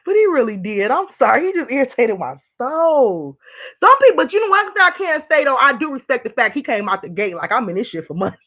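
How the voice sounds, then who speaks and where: A woman hosting a casual livestream, talking candidly to viewers and reading their comments, rambling and animated. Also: high voice, fairly quick. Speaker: livestream host. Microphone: streaming mic. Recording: dull lo-fi stream audio.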